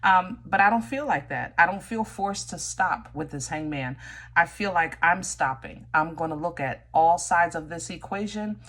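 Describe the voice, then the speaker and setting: A woman's voice: on the low side, moderate pace, fairly bright tone. A woman giving a casual tarot reading, talking straight to her viewers in a chatty way, often stopping and restarting. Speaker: tarot reader.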